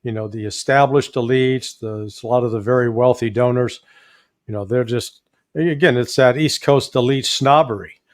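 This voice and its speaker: A man with a Midwestern accent, a guest commentator talking politics in a folksy, animated way with joking asides. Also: mid-range voice, normal speed, dry recording, clean studio sound. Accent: Midwestern American.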